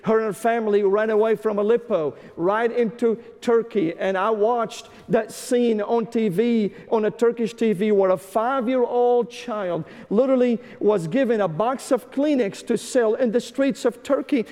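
A man's voice: high voice, moderate pace, few pauses. Impassioned male preacher in a reverberant hall. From Syria. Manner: impassioned preaching, dropping to hushed intensity. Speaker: pastor. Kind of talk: sermon.

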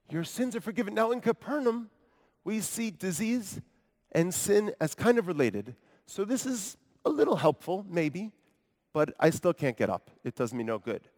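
A man playing a lively paralyzed man from Capernaum. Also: a little high. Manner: expressive storytelling with wry asides to the congregation. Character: paralyzed grown man from Capernaum, earnest, wry. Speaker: preacher in character. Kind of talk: first-person dramatic monologue sermon. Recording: long hall reverb.

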